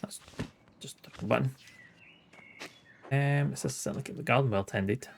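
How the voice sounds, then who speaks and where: With a little hiss or hum in the recording, a late-thirties man gives casual let's-play commentary, reading game dialogue aloud with sweary, wry, chuckling asides. He talks a little slowly at medium pitch, with a creaky voice.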